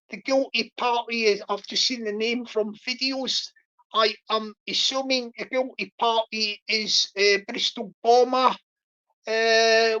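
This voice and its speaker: A woman hosting a livestream, rambling and repeating herself as she mock-scolds and gives shout-outs. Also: fairly high pitch, lo-fi sound. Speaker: livestream host.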